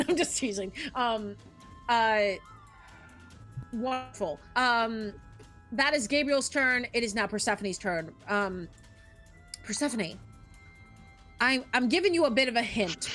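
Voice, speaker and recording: Woman game master, upbeat and laughing, slightly high pitch, faint music bed. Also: fairly bright tone. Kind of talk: narrating a tabletop game.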